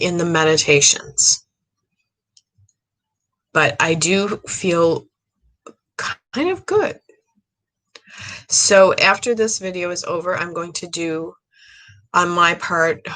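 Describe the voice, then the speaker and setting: Woman, psychic medium, earnest rambling delivery, tired, slightly low pitch. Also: fairly bright tone. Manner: rambling, earnest, many fillers and restarts. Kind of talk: casual monologue to camera.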